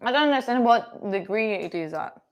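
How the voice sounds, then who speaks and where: A woman's voice: mid-range voice, expressive, normal speed. A young woman from Italy with an Italian accent, chatting playfully with her stream while cooking, teasing her viewers and swearing casually. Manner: chatty, playful, swears freely, teases chat. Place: home kitchen.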